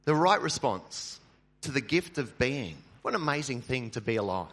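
Bright-voiced joking male pastor. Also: medium pitch, sing-song, moderate pace. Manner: chatty, joking, many filler ums. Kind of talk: sermon. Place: church.

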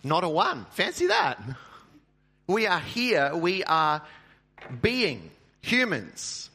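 Male pastor, slightly high bright voice, chatty sermon with jokes and ums, church setting. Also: wildly swooping pitch, slow pace. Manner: chatty, joking, many filler ums.

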